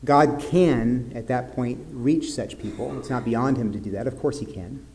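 A pastor delivers an earnest sermon. His voice sits in an ordinary male middle pitch and often sinks into soft, grave tones. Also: normal speed, slight background noise.

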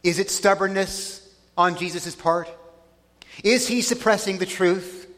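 A man preaching a sermon in a deliberate way, with dry irony. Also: sits high, a bit bright. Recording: long reverb of a large hall.

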